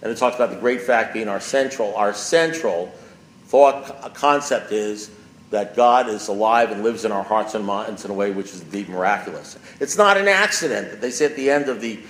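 A man's voice: lowish voice, lively intonation, normal speed. A man speaks at a recovery meeting with emphatic, repetitive insistence, driving each point harder as he goes. His voice carries through an echoey room with a faint hum of background noise behind him. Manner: emphatic and repetitive, building with rising force.

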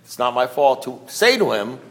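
A man sharing his story at a recovery meeting in a sarcastic, mock-outraged way, with animated storytelling. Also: medium pitch, normal speed. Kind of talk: storytelling talk to a group.

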